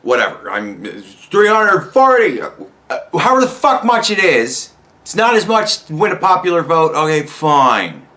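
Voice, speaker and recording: A man's voice: fairly high pitch, sing-song, moderate pace, pushed and bright. A man hosting a podcast, delivering an angry, mocking political rant full of swearing. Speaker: podcast host. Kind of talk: profane political commentary rant.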